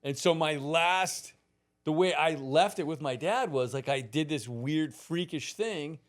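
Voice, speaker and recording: A man around sixty, a podcast guest telling a long personal story in a casual, animated way, swearing freely and laughing through it. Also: fairly high pitch, a little slow. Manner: animated, profane, laughs through his stories.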